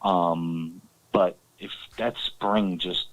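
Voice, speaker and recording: A man on a live stream telling a story in casual chat, halting, with many restarts and fillers. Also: low voice, fairly even intonation, background noise. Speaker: guest.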